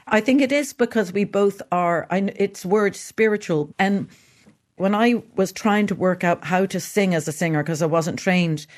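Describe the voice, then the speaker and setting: An Irish woman talking as a guest in an interview, chatty and lively, laughing often and jumping from thought to thought. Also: medium pitch. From Ireland. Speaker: guest singer. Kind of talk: casual interview chat.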